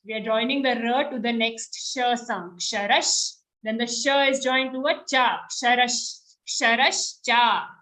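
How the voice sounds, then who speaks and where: High, bright-voiced woman teaching chanting. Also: rough recording. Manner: patient, repeats syllables, alternates chanting with explanation. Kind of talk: online recitation lesson.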